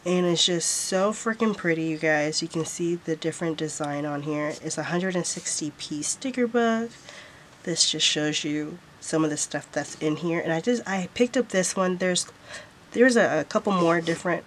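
A woman vlogger shows off planner stickers in a casual haul, gushing and repeating how cute everything is. She speaks at normal speed in a low-pitched voice, with a little hiss or hum in the recording.

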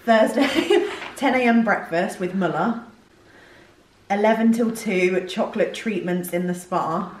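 A woman's voice: mid-range voice, a little slow, poor audio. A young woman, vlogging on a handheld camera from inside a large holiday lodge. She is gushing and giddy, laughing often. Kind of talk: excited casual vlog.

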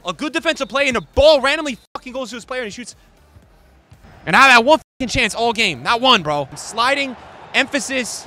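A young man streaming a football video game, swearing and ranting, with his voice swinging from low mutters to angry shouts. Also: expressive, fairly quick, a little hiss or hum. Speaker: gaming streamer. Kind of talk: raging gameplay commentary.

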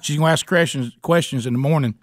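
A man's voice: fairly high pitch, fast talker, a little hiss or hum. A man, a radio host telling a comic story and acting out the voices of the people in it. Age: 40s. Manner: animated storyteller who acts out quoted voices. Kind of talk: comedic storytelling on a talk show.

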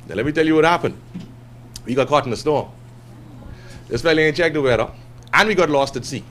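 A Bahamian man, a guest entrepreneur, tells a story to a class with an animated delivery and acts out the quotes in other voices. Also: a little high, brisk, slight background noise. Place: classroom with a live audience.

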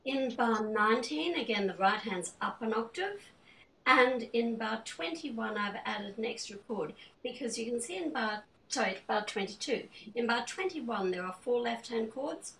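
A woman's voice: on the high side, animated, moderate pace, a bit bright, slight background noise. A woman piano examiner giving a webinar, methodically explaining step by step how she arranged a piece. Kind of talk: online teaching webinar. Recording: distant mic with piano in the background.

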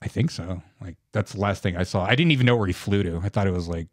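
A man's voice: low-pitched, fast talker, no echo, studio quality. A man co-hosting a comedy podcast, joking crudely in casual banter. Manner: wild swings, joking, crude riffs. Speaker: podcast co-host.

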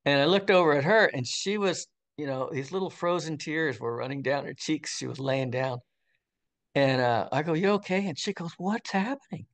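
Older male interview guest, casual storyteller, rambling with lots of "you know", mid-pitched voice. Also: normal speed. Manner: animated, rambling storyteller with frequent fillers and restarts.

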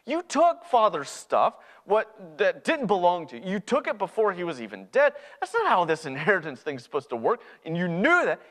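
A man's voice: medium pitch, natural voice. A man playing a resentful older brother as he retells a parable in a sermon, with indignant, accusing outbursts. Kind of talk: sermon storytelling.

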